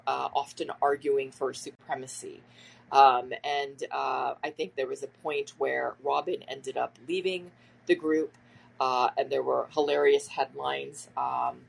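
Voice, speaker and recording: Podcast host, easygoing and chatty, with a gravelly fry and a husky edge. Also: mid-range voice, low-quality recording. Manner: conversational, loose and chatty. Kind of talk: casual spoken commentary.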